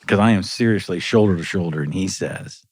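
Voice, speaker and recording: Man in his 60s, very low voice, lively storyteller, chuckles, dry close sound. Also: fairly quick, slightly rough, dry recording. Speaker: musician guest. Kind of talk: storytelling anecdote on a podcast.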